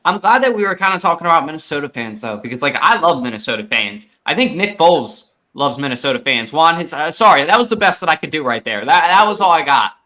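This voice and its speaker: Man, podcast co-host, bright tense voice, a bit high, upbeat joking chat. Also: very animated. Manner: upbeat, joking, rapid asides. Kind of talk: casual sports podcast chat.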